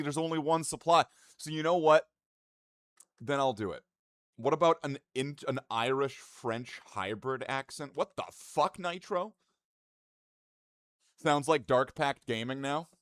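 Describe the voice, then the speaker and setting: A man's voice: on the high side, a bit bright, no echo, studio quality. A man streaming live and chatting casually with his viewers in profane, rambling, mock-indignant banter.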